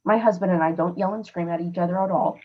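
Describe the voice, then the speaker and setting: A woman's voice: fairly low pitch, fairly even intonation, fast talker, highs cut off. A woman hosting a podcast, giving earnest, emphatic advice in a conversational way. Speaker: podcast host. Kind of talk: casual coaching talk.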